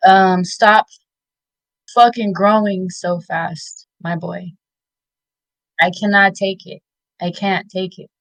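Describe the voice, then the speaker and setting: A woman in her thirties giving tearful, heartfelt shout-outs in an interview, halting with many fillers. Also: mid-range voice, steady tone, no room sound, rough recording. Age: 30s. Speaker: interview guest.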